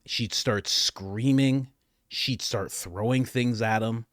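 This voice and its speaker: A man's voice: medium pitch, slow pace, no echo, clean studio sound. A man hosting a podcast, giving comedic political commentary in a sarcastic, mocking rant. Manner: sarcastic, mocking, animated ranting. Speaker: podcast host.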